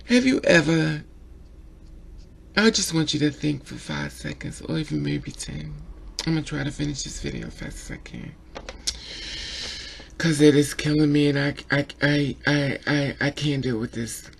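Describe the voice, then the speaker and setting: A man's voice: on the high side, very animated, moderate pace, vocal fry, pauses often. A man giving an emotional opinion vlog about a documentary, repeating himself and stammering when upset. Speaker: vlogger reviewing a documentary.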